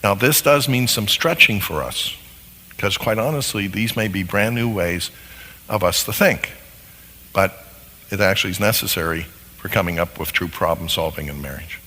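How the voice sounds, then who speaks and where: A man's voice: deep voice, normal speed, bright, forceful tone. A man teaching a lesson on marriage who often asks his listeners rhetorical questions. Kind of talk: lecture on marriage. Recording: long hall reverb.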